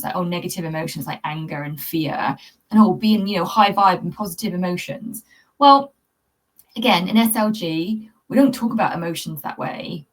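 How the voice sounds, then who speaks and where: A woman hosting her own vlog, talking candidly and earnestly to viewers about a hard time. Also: fairly low pitch. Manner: earnest, confiding, addresses viewers directly; conversational with fillers and restarts. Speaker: channel host, cat anxiety coach. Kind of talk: candid personal vlog talk to camera.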